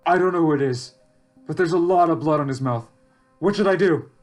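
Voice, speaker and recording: A man's voice: medium pitch, moderate pace, a little mellow, faint music behind, natural voice. A man reading as an anxious stranded survivor. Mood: alarmed. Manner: reflective, rises sharply when alarmed. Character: lost young adult survivor, anxious, wry. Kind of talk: reading a text game aloud.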